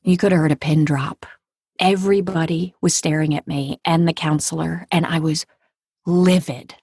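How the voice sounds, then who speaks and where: A woman in her forties tells a personal story as an interview guest, her delivery vivid and dramatic, sinking to a near-whisper at the tense parts. Her voice sits a little low and has a husky grain. The sound is close and dry, with no room around it. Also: fairly even intonation, normal speed, darkish tone, dry recording. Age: 40s. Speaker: audiobook narrator and actor, guest.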